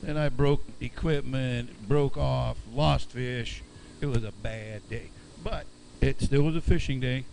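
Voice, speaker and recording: A gravelly man of middle pitch tells of a bad day fishing in a self-deprecating, good-humored way. Faint outdoor ambience is behind him. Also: measured pace, a little mellow, a little hiss or hum, poor audio. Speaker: co-angler.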